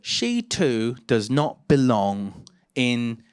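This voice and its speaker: A man, performing a stand-up comedy set on stage with animated storytelling and loud shouted punchlines. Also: medium pitch, extremely slow, background noise. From England. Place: comedy stage with a live audience.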